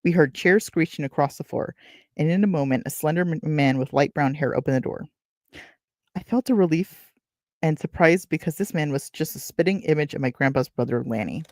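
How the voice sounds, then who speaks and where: A woman's voice: low voice, brisk, a little mellow, dry recording, clean studio sound. A woman reading a novel aloud, breaking off for chatty, wry asides and correcting her own slips. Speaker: book reader and streamer. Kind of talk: reading aloud with casual commentary.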